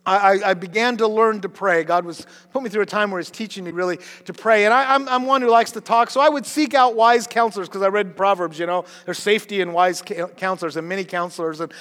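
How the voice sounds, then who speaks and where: A middle-aged man preaching from the pulpit in a bright, high register. He stumbles through repeated words as ideas rush in, then drops almost to a hush to press a point home. His voice rings through a big hall with a long reverb tail. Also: quick pace, hardly any pauses. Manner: animated, repeats words and restarts, dips to a hush for emphasis. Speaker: pastor. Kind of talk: sermon.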